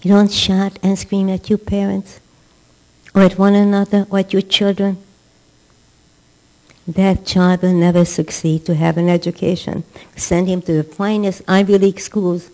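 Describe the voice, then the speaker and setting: A woman's voice: medium pitch, little pitch movement, moderate pace, darkish tone, low-quality recording. A woman giving a religious class as a rebbetzin, emphatic and repeating words for stress. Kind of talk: religious lecture.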